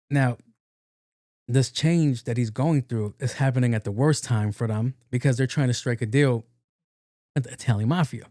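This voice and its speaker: Mellow-voiced man in casual podcast talk. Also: mid-range voice, moderate pace, dry recording, studio quality. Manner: loose, slangy, profane retelling. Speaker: podcast host. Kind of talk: casual film recap storytelling.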